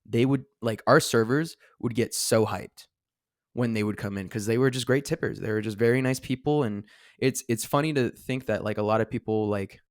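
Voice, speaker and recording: A man with a mid-range voice co-hosts a casual podcast at a moderate pace, rambling with many filler words and restarts. He's seated in a studio across from his co-host, and the studio-quality sound has no echo.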